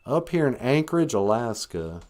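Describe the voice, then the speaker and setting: A man voicing a menacing redneck who drawls slowly and bullies a stranger. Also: mid-range voice, sing-song, darkish tone, lightly acted. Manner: slow drawl, bullying.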